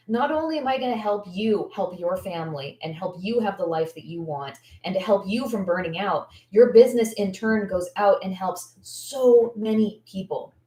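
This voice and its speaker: A woman business coach chats casually on a livestream in a medium-pitched, slightly mellow voice, with a roomy sound around her. She's candid and effusive, rambling along with plenty of "likes" and restarts.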